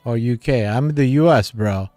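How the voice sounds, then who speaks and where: A man's voice: medium pitch, moderate pace, dark tone, faint music behind. A man hosting a livestream, reading viewers' comments aloud in casual chat and laughing often.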